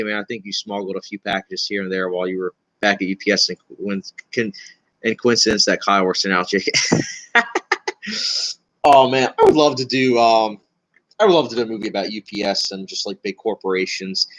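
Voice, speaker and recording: Fairly quick and a bit bright, this lowish male voice comes through on a low-quality recording. It belongs to a young man on a laid-back livestream responding to viewers, talking in a rambling, filler-heavy way, laughing often, and sounding nervous by his own anxious account.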